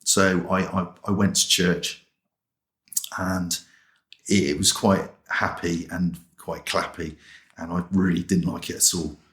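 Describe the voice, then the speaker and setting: A man's voice: low-pitched, little pitch movement, measured pace, a bit bright, roomy sound. A man from England, a chaplain telling his personal testimony in a plain-spoken, colloquial way and acting out remembered dialogue. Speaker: chaplain and interview guest. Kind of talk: personal testimony told as a story.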